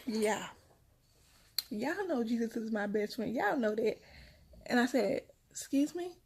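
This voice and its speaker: A young woman and mother, casually telling her viewers a story in a chatty, animated way and repeating her phrases as she goes. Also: on the high side, unhurried, gravelly, slight background noise. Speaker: mother vlogging about her kids.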